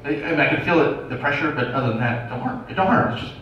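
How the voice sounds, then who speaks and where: A man's voice: medium pitch, rapid-fire, fairly bright tone, a little hiss or hum. A man doing stand-up, telling a profane, self-mocking story to a crowd. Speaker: stand-up comedian. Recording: echoey room, distant dull mic.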